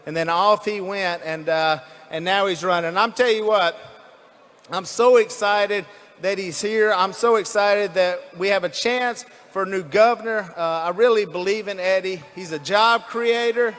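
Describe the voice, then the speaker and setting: A man's voice: high-pitched, unhurried, fairly bright tone, long reverb tail. A man from North Louisiana with a Southern accent, giving a folksy, rambling speech to a rally crowd. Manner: folksy and rambling, with fillers and restarts. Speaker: rally speaker. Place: large indoor rally venue.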